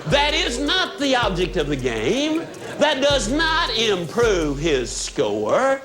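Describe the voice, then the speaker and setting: A man giving a folksy, emphatic motivational speech to a live audience of salespeople, dropping his voice low for effect. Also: huge pitch swings, slow pace, crowd noise. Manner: folksy and emphatic, with sudden dramatic drops in voice. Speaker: motivational speaker. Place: stage before a live audience. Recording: music playing behind the voice. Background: background music.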